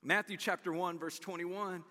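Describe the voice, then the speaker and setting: A high-voiced man preaching with a bright, forceful tone. He talks in a loose, conversational way, acting out the characters in his story. His voice rings out with a long reverb, as in a large church sanctuary. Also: moderate pace. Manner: animated, conversational, acts out quotes. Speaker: pastor. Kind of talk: sermon.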